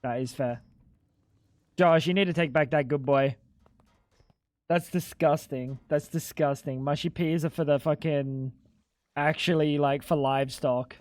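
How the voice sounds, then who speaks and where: A man's voice: fairly high pitch, fairly even intonation, moderate pace, darkish tone, no room sound. A young adult man streaming a game live, joking and chatting playfully with his viewers. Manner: joking, playful, talks to chat. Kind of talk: casual live-stream chat while gaming.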